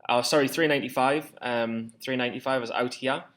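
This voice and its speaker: Young guy rambling about his trades, cusses a lot, mid-pitched everyday voice. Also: fairly even intonation, fairly quick, fairly bright tone. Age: 20s. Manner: rambling, swears often, self-deprecating. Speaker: stock trading vlogger. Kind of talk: casual screen-share commentary.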